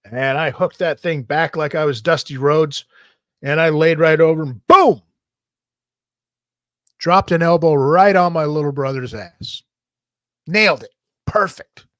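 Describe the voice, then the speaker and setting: Profane, storytelling man with a high voice. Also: unhurried, long pauses, no echo. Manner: profane, animated, jokey. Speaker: host. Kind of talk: casual storytelling.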